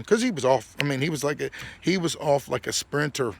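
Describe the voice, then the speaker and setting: Gravelly guy rambling thru a crude story, laughs a lot. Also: medium pitch, a little fast. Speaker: podcast host. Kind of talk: casual storytelling monologue.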